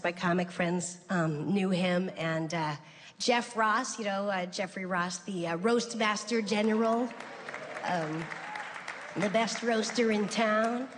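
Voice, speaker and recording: A middle-aged woman performing a stand-up routine, telling stories in a conversational, deadpan way. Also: slight background noise. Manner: conversational, deadpan storytelling with sudden high-pitched voices for quoted people. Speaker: stand-up comedian. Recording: live show with long hall reverb and faint ambience.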